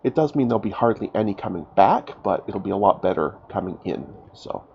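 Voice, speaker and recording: A man's voice: fairly low pitch, big pitch swings, fairly quick, vocal fry, highs cut off, a little hiss or hum. A man with a cold and a stuffed-up voice, chatting casually as he plays a game, thinking aloud and joking at his own expense. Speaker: gaming YouTuber. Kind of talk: casual let's-play commentary.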